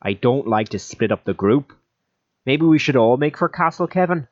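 A man voicing an excitable, loyal young rebel who speaks in urgent exclamations, recorded with a dull, lo-fi sound. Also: medium pitch, normal speed, no room sound, pitched above the performer's own voice, close to an everyday voice. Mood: insistent.

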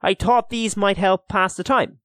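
A man's voice: sits high, unhurried, fairly bright tone, no echo, studio quality, voice pushed up. A man voicing a kindly, patient official. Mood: coaxing. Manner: earnest, sorrowful pleading. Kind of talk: audiobook character voice.

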